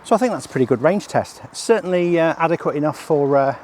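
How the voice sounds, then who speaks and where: Walking his rural property, a man presents a range test for a product he developed, rambling casually and out of breath with lots of fillers. His slightly high, darkish voice has lively intonation and he talks fast, with a little hiss or hum in the recording.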